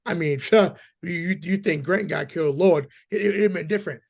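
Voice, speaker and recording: A hoarse man co-hosting a casual sports podcast, talking emphatically with lots of swearing and stammered repeats. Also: a little high, moderate pace. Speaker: podcast co-host.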